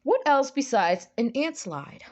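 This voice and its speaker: Animated young woman telling a story. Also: a little slow, muffled recording. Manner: animated storyteller, swings into high squeals for quoted lines. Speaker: vlogger. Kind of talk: casual story time. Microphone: phone camera.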